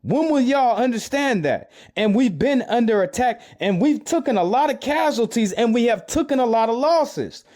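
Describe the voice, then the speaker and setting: A man's voice: extremely high pitch, expressive, normal speed, few pauses, a little mellow. A man from the United States giving urgent, preachy commentary on a video clip, repeating his points to his listeners. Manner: urgent, lecturing, repeats himself.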